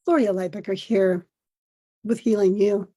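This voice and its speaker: A middle-aged woman hosting a podcast, reading a personal essay aloud in a gentle, measured storytelling manner. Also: medium pitch, steady tone, slightly rough. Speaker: podcast host.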